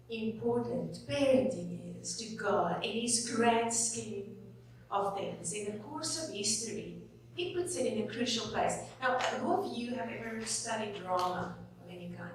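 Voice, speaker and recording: A woman giving an earnest, expressive sermon as a guest preacher, building to dramatic pauses. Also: fairly high pitch. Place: church hall. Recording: echoey hall from far off, faint hum.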